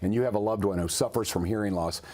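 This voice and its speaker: A man with a Kentucky accent and a fairly low voice hosts a live TV show. He talks fast and wraps up segments with brisk promotional lines. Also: darkish tone. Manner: brisk, promotional wrap-ups. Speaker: TV show host. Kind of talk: live TV interview hosting.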